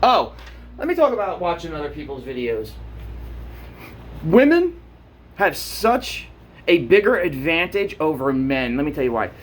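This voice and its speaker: Man, casual vlog rant, blunt and profane, lively up-and-down voice, slightly high. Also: measured pace, pauses often, slight background noise. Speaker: vlogger.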